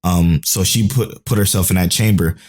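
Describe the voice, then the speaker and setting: A young man with a lowish voice co-hosts a podcast in casual chat. He recaps episodes excitedly, swearing now and then, and piles on quick asides. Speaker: podcast co-host.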